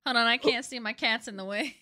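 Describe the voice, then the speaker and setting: A woman's voice: on the high side, normal speed, bright, forceful tone. A woman streamer chatting casually about a game in a playful, giggly manner.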